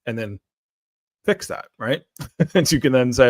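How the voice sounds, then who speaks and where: A man's voice: mid-range voice, lively intonation, measured pace, long pauses, no echo. A man hosting a morning show, talking casually in a solo monologue, rambling with repeated words and frequent "right?" and "like".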